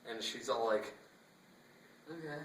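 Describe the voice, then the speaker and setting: Young man, casual storyteller, rambling and animated, echoey room, phone mic at a distance. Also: mid-range voice, slow pace, slight background noise. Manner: rambling, animated, acts out dialogue, laughs often. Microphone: phone camera.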